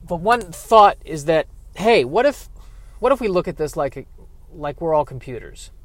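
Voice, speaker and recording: A grieving man talking through a reflective personal monologue, halting and rambling, with self-deprecating asides. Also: fairly high pitch, expressive, no room sound.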